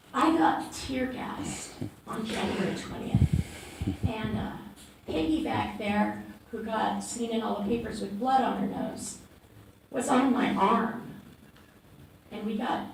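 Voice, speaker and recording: A woman activist giving unplanned testimony at a city council meeting. She is trembling and emotional, and she speaks haltingly with many fillers and restarts. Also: medium pitch, vocal fry. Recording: echoey council chamber from far off, with background noise.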